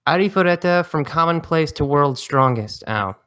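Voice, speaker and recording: Male podcast host, smooth clear voice, quick and blunt, wry asides. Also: fairly high pitch, animated, a bit bright. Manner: quick, blunt and wry, reads titles aloud. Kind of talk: casual podcast chat.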